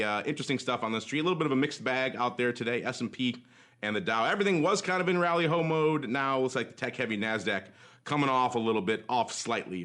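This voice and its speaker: A podcast host runs a casual markets show in an upbeat, chatty way, drifting into rambling asides. His mid-range voice is a bit bright and sounds slightly worn from days of talking.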